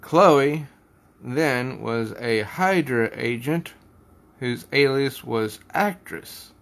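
A man's voice: medium pitch, expressive, very slow, creaky, a bit bright. A man casually reviewing a comic book, stumbling over names and poking fun at himself. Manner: hesitant with names, self-deprecating.

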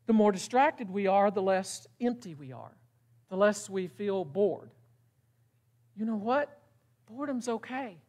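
A man's voice: high voice, bright, forceful tone. Man, middle-aged, pastor, preaching a sermon, conversational, emphatic, asks the congregation questions.

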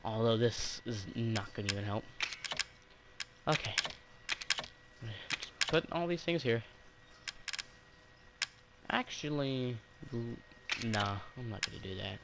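A man hosting a horror game let's play, excitedly talking to himself as he plays. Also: medium pitch, slow, vocal fry, long pauses, noisy background. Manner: excitable, talks to himself while playing. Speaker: gaming channel host.

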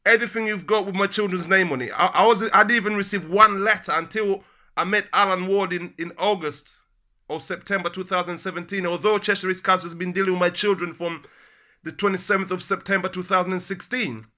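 A man's voice: high-pitched, steady tone, fairly quick, bright, forceful tone. A man calling a council office, agitated and repetitive, addressing the listener as "my love". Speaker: caller complaining to council services. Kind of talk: phone call.

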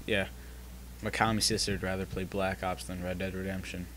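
A man's voice: sits low, level tone, normal speed, a bit bright, slight background noise. A man recording a casual gaming session at home, bantering sarcastically with a friend. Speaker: gamer recording a let's play.

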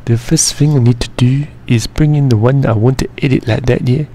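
A man's voice: mid-range voice, steady tone, a little fast, mellow. A man narrating an editing session in a casual, joking way, full of slang and swearing, and rambling as he works. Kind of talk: casual profane screen-recording commentary.

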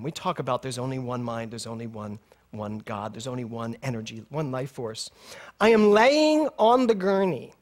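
A middle-aged male minister giving a sermon at a spiritual center, telling a personal story with laughter and acted-out dialogue. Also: fairly high pitch. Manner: animated storytelling, laughing often, acting out dialogue.

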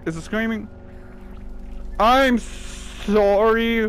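A man playing a horror video game and commenting on it, with loud exclamations and a lot of swearing. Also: high-pitched, fairly even intonation, slow, smooth, faint music behind. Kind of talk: let's play commentary.

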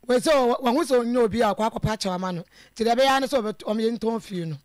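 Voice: mid-range voice, no room sound, studio quality. Hesitant Ghanaian caller. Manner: hesitant, halting, trails off. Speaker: caller telling a family dispute.

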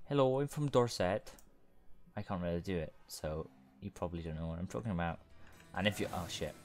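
A man rambling through gaming commentary, laid-back and swearing often. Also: low-pitched. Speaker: let's play gamer.

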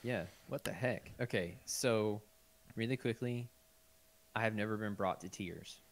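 A man's voice: lowish voice, unhurried, creaky. A man hosting a podcast in casual chat, introducing voicemails and laughing easily with his co-hosts. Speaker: podcast host.

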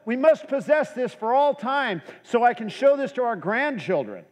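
A man voicing his sentimental middle-aged wife, calling out excitedly in a high, shrill put-on voice. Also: moderate pace. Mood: doting. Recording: echoey hall.

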